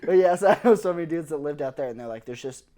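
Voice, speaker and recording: A man hosting a podcast in casual, laid-back conversation, chatty and quick to laugh. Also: fairly high pitch, animated, dark tone. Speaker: podcast host.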